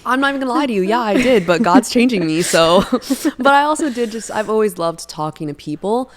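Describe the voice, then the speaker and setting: A young woman talking casually about her faith on a podcast, lively and storytelling, often acting out what her friends said. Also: a little high, a little fast. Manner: animated storyteller who acts out friends' lines. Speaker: podcast co-host.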